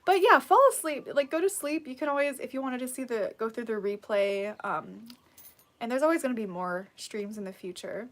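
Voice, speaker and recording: A woman's voice: a little high, brisk. A woman hosting a casual live stream who reads out viewer comments, encouraging and laughing often, sleepy and yawning.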